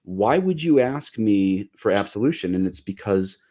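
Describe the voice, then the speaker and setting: A man with a fairly low voice talking on a podcast. He is animated, full of quick asides and mock-quoted lines. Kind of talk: casual chat.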